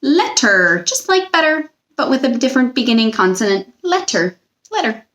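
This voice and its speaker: A woman's voice: fairly high pitch, very animated, fairly bright tone. A young woman teacher giving a recorded spelling lesson to children, patient and drawing out each word. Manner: patient, slow, stretches out words.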